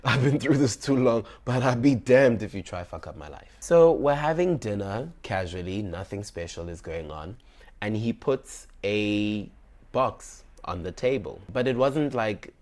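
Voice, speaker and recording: Young adult male, lower register, dramatic personal storyteller. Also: measured pace. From South Africa. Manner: animated and dramatic, acting out his own dialogue.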